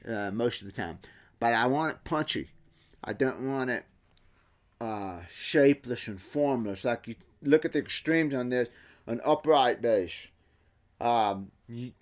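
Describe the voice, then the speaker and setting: A middle-aged man talks through guitar tap tones in a relaxed workshop manner. He imitates the sounds with his own voice and often backs up to restart a sentence. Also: mid-range voice. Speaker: guitar builder. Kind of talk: casual workshop explanation.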